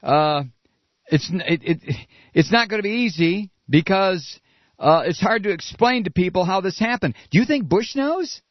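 A man's voice: high voice, animated, moderate pace, dry recording. A man delivering an angry political rant, profane and sarcastic, with mocking asides. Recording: dull lo-fi recording.

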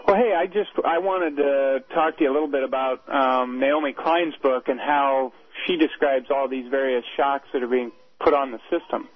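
A man's voice: medium pitch, steady tone, normal speed. Hesitant male caller on the phone. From Iowa. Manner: hesitant, with many fillers. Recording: tinny phone line.

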